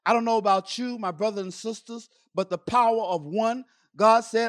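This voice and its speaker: A man's voice: high-pitched, moderate pace, hardly any pauses. A middle-aged man preaching a sermon to a congregation with impassioned, repetitive calls. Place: church service.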